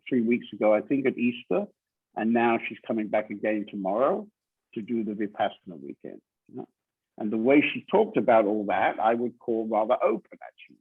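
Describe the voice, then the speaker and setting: A man's voice: on the low side, husky. A man, a spiritual teacher, speaking bluntly and insistently in an online group meeting and hammering his points home. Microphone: video call. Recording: tinny video call audio.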